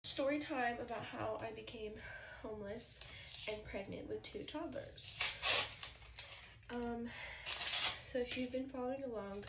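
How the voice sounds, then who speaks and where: A widowed mother telling a casual storytime in a subdued, halting way, with frequent pauses and ums. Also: fairly high pitch, echoey room, noisy background.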